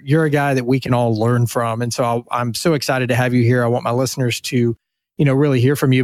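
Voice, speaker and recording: A man's voice: mid-range voice, a little mellow, no room sound, clean studio sound. A man hosting a podcast, upbeat and enthusiastic, talking emphatically to his listeners. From United States. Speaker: podcast host. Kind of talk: podcast intro and interview.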